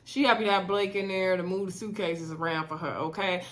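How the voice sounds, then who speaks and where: A woman's voice: mid-range voice, brisk. Chatty woman recapping a reality show. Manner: animated, gossipy, acts out quotes.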